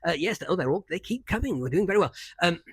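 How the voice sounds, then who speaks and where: An older English man hosting a live podcast chat, animated, chuckling and reading out viewer comments. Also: sits high, quick pace, creaky, slightly rough, no room sound. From England. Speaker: podcast host. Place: cafe.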